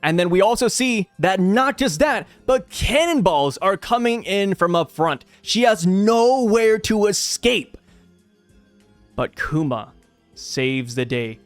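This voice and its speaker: A man with a high voice that swings widely up and down hosts a comic review in casual commentary. He jokes and thinks out loud as he talks. The recording is dry and close with faint music behind. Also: slow pace, dry recording. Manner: animated, jokey, thinks aloud. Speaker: manga review channel host.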